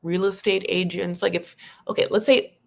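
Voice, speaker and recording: A woman's voice: fairly low pitch, fairly even intonation, moderate pace, creaky. A woman giving casual, opinionated commentary on a reality show, talking loosely and swearing now and then.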